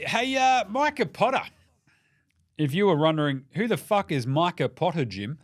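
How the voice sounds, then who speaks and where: A man's voice: a little high, sing-song, moderate pace, no room sound, clean studio sound. Sweary Australian man riffing on basketball. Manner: irreverent, sweary, jokey. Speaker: NBA podcast host. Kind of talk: casual sports commentary.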